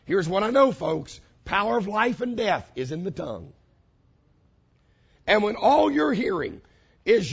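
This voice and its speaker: A man preaching a sermon, building points with repeated phrases and dramatic pauses. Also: sits high, creaky, husky, highs cut off. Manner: animated preaching with dramatic pauses and vivid quoted voices. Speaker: pastor.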